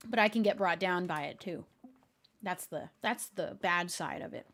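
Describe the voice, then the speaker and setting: A young woman streamer chatting casually with her viewers, laughing often and talking in a deadpan way. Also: on the low side, moderate pace, slight background noise. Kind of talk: casual chat.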